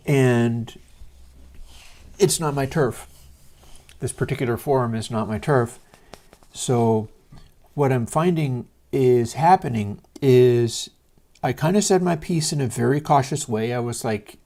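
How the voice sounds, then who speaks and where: A man's voice: mid-range voice, measured pace, warm tone. Rambling man musing on a livestream. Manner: meandering, hesitant, many fillers. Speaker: livestream host. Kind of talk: casual rambling monologue. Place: home studio room.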